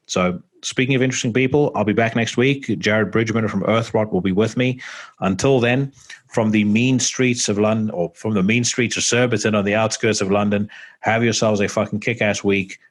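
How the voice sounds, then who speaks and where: A man's voice: fairly low pitch, steady tone, normal speed. A man hosting a podcast, chatting casually and rambling with lots of fillers and the odd swear word. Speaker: podcast host. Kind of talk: casual chat. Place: home podcast setup.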